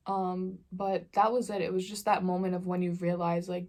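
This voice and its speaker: A woman's voice: lowish voice, monotone, moderate pace, darkish tone. A young woman vlogger chatting casually in slangy storytelling while she eats on camera. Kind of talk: casual mukbang Q&A chat.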